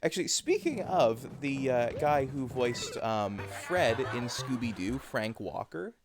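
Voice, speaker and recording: A man's voice: medium pitch, big pitch swings, slow pace. Chatty male streamer explaining over game music. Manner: chatty, explains things with many fillers. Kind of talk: casual gameplay chat.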